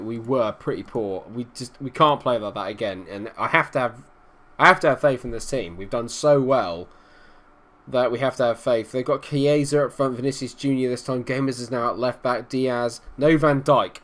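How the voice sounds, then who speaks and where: A young man commentating on his football management game, casual and frustrated, muttering low, then shouting when his team scores. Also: moderate pace. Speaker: gaming commentator.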